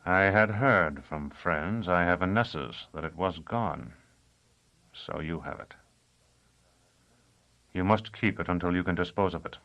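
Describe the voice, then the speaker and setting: A calculating conspirator, guarded and deliberate, as a man voices him in this storybook reading. His voice sits low, and the recording is dull and lo-fi. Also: a bit bright.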